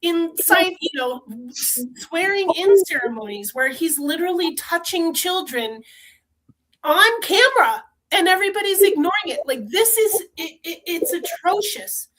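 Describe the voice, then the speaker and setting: A woman's voice: very high-pitched, lively intonation, normal speed, a bit bright, slight background noise, low-quality recording. A woman guest with a strong, trained voice, speaking fervently and bluntly in a conversation and swearing freely. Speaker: podcast guest. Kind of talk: impassioned conversational rant.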